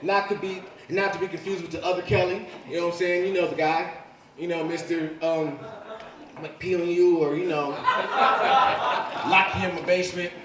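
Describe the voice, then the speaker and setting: A man's voice: high-pitched, steady tone, moderate pace, noisy background. A man in his forties performing a live stand-up comedy set, profane and punchy. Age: 40s. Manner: profane, loud punchy delivery with frequent "you know what I'm saying". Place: comedy club stage with audience laughing. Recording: roomy live club sound from a distance.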